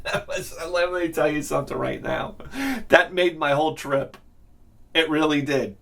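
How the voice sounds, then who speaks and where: A man's voice: on the high side, steady tone, moderate pace, gravelly, fairly bright tone. A man hosting his show, telling a profane story in a casual rant and laughing along with it. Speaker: host.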